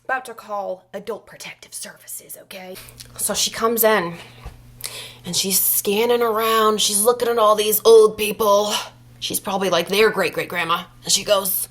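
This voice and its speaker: A young adult woman telling a comic story, swinging between whispers and loud bursts with exaggerated delivery. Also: medium pitch, moderate pace. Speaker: comedian storyteller.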